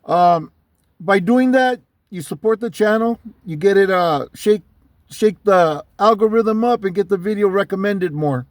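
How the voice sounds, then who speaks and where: Man host, high voice, casual slangy storyteller, dry close sound. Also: unhurried, no echo. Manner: street slang, frequent restarts, conversational. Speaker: channel host.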